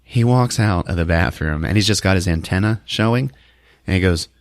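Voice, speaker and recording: A man hosting a podcast, recapping a movie with animated, laughing storytelling. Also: low-pitched, normal speed, no room sound, studio quality. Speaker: podcast host.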